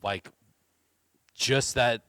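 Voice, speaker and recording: A man's voice: medium pitch, very slow, clear, resonant tone, dry recording. Easygoing male podcast host, dry mic. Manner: relaxed, rambling, teasing with lots of fillers. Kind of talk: casual chat.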